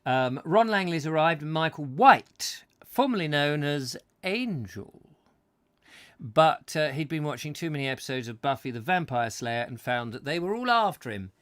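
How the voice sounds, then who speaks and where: A man's voice: a little high, animated, moderate pace, fairly bright tone, dry recording, clean studio sound. Rambling, jokey male live-stream host. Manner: rambling, jokey, trailing off with fillers. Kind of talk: comic live-stream chat.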